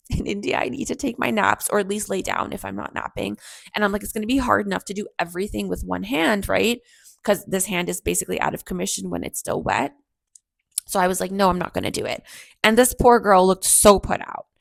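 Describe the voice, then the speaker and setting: Woman podcaster rambling through a personal story, bit of fry, dry close sound. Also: medium pitch, animated, fairly quick, no echo. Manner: reflective, chatty, acts out quoted people. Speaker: podcast host.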